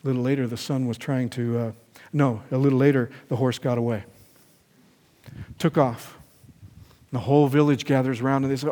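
A man's voice: mid-range voice, steady tone, fairly quick, long pauses. A man preaching a sermon in a church, telling a parable and leading a prayer in an earnest voice. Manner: storytelling, earnest, then gentle prayer. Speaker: pastor. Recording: echoey hall reverb.

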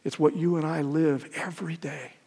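An older man preaching a sermon, emphatic, swinging from loud peaks to soft lines and asking the congregation questions. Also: on the high side, steady tone, normal speed, gravelly, slightly rough. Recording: long hall reverb.

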